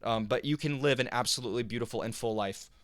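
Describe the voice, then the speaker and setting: A man's voice: mid-range voice, no room sound, clean studio sound. Chatty young man telling a story. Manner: animated, halting storyteller with many fillers. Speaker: podcast co-host. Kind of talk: casual storytelling chat.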